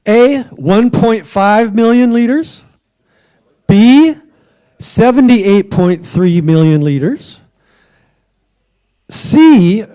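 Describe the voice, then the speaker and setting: A man's voice: high voice, dark tone. A man hosting a trivia quiz at a club meeting, joking with the tables and offering hints for a dollar.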